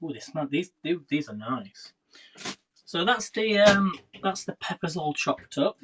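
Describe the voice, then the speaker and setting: A very animated man in his thirties, his voice a little high and a bit bright, runs a casual cooking livestream from his home kitchen, talking with viewers while he works. He keeps a measured pace. The phone audio is poor, with slight background noise of kitchen clatter and clicks.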